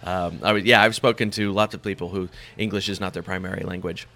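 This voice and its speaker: A man's voice: sits low, steady tone, fast, pushed and bright. A man, a podcast host, talking casually in an interview, rambling with many fillers and restarts and laughing easily. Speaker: podcast host, guest on another show.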